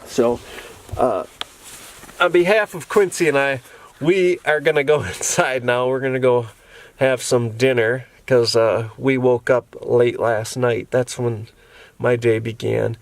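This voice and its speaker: A man's voice: mid-range voice, steady tone, measured pace, no room sound. A tired man vlogging casually from inside his camper van, rambling with lots of restarts and fillers. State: tired from a long day. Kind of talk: casual vlog chat.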